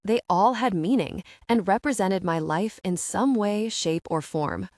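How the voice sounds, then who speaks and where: A woman narrating a romance audiobook in a steady, even reading voice. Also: mid-range voice, measured pace, no echo, studio quality. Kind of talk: scripted narration.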